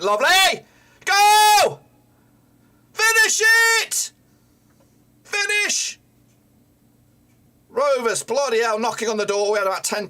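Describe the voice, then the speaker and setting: A man reacting live to his team's match as a fan streamer, excitable, swearing often and yelling at the players. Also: fairly high pitch.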